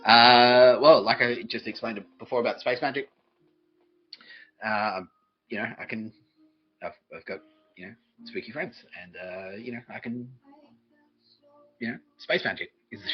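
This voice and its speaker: A man's voice: mid-range voice, animated, normal speed, pauses often. A man hosting a podcast, ranting in a rambling, profane monologue and mocking people in put-on voices. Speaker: podcast host. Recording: dull lo-fi recording.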